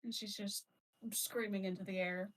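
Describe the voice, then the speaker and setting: A woman player narrating her character in a tabletop game, in halting, filler-heavy casual speech. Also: mid-range voice, fairly even intonation, fairly bright tone, recorded from a distance, rough recording.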